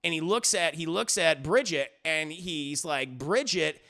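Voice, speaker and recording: Fairly high-pitched, pushed and bright, a man reviews music at a measured pace. His recap is casual and rambling, with free swearing and acted-out versions of the lines he describes.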